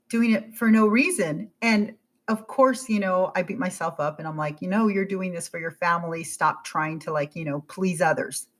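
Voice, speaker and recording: A woman in her forties, a podcast guest, telling her story in a casual, animated way and acting out her own thoughts. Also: mid-range voice. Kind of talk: casual interview chat.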